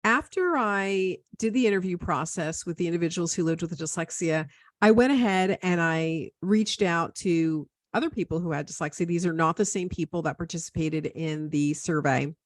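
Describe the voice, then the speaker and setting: A woman presenter introducing a video in a talk, explaining step by step in a measured way. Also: fairly low pitch, no echo, clean studio sound.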